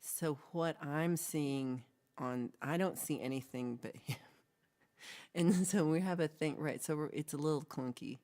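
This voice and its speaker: A woman's voice: sits low, a little slow, darkish tone. A woman co-hosting a livestream, chatting casually and reading out comments in a rambling, giggly way with playful asides. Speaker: livestream co-host.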